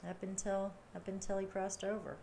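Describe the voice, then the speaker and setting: A woman's voice: medium pitch, completely flat delivery, fairly quick, mellow, a little hiss or hum. A middle-aged woman hosting a livestream, talking casually in a rambling, chatty way and laughing often. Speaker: livestream host. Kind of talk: casual chat.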